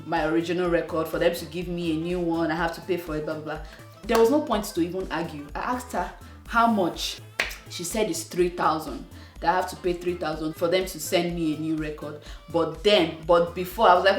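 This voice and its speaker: A woman from Nigeria with a Nigerian accent, telling a personal story to her channel in an animated, exasperated way. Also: low voice, roomy sound, recorded from a distance. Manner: animated, exasperated retelling with acted-out quotes. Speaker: vlogger. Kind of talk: casual storytelling to camera.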